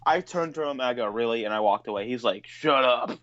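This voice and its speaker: A man's voice: mid-range voice, lively intonation, racing, a bit bright. A man in an ordinary middle register co-hosts a podcast, spinning a long story and ranting with plenty of swearing. His voice comes through a dull, slightly lo-fi recording with the top end rolled off. The delivery is loose, casual chat. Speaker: podcast co-host.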